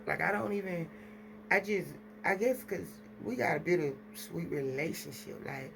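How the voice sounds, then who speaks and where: A woman chats to her viewers, rambling loosely from one thought to the next. Her voice has a gravelly fry. The home recording carries clear background noise. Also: lowish voice, animated, normal speed. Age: adult with children. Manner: rambling, chatty, talks straight to viewers. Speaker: vlogger. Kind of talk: casual chat to camera.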